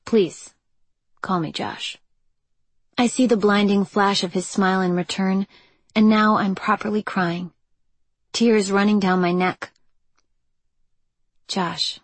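Husky woman narrating a romance audiobook. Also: mid-range voice, fairly even intonation, moderate pace, dry recording.

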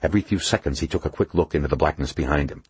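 Reading a suspense novel aloud, a male audiobook narrator races through the scripted text in a low, husky, lively storytelling voice. The recording is dry, with no room sound.

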